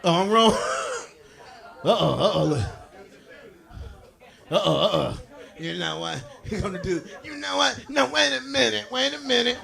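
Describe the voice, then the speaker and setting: A man doing a stand-up comedy routine on stage, boisterous and talking straight to the audience, laughing through his lines and shouting his punchlines. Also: high-pitched, measured pace, creaky, pauses often.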